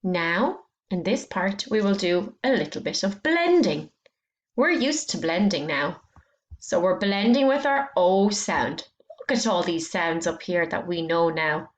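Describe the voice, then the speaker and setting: A woman teaching a phonics lesson to young children, speaking slowly and clearly, stretching out sounds and encouraging them. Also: on the low side, animated, reverberant.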